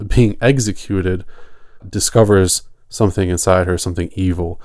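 A man co-hosting a horror podcast in casual chat, relaxed and rambling, laughing often. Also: deep voice, no room sound, studio quality. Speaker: podcast co-host.

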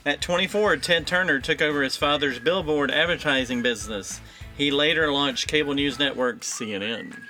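Guy cohosting a podcast, bright tense voice, dry and matter-of-fact, explains stuff. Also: fairly high pitch, moderate pace, soft background music. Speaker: podcast co-host. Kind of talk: casual chat, reading trivia.

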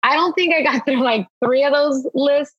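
A woman host speaking candidly, searching for her words with halting restarts, on a dull lo-fi mic. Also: high-pitched, fairly bright tone, no echo. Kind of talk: reflective conversational talk.

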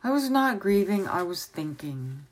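A woman's voice: mid-range voice, sing-song, a little slow. A woman voicing an earnest young boy from a storybook who talks eagerly and wistfully.

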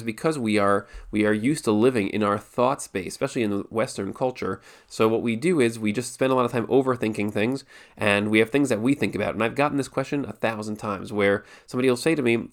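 A man giving a spoken lesson on Jewish law, thinking aloud with frequent restarts and repeated words. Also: fairly low pitch. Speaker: Torah teacher.

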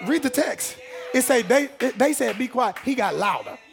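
Male preacher, very high voice, animated shouting sermon with call-and-response. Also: moderate pace, gravelly, faint music behind.

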